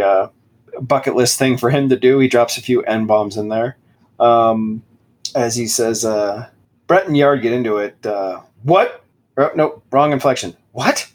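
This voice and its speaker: A man co-hosting a podcast, casually mocking a book as he reads passages aloud in a sarcastic, dramatic way. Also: mid-range voice. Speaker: podcast co-host.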